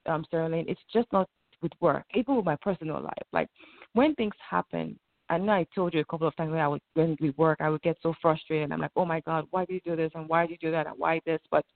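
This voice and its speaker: A woman's voice: on the low side, no echo. A woman guest in an interview, talking reflectively and acting out her own inner thoughts. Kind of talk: conversational interview. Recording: tinny phone-like line.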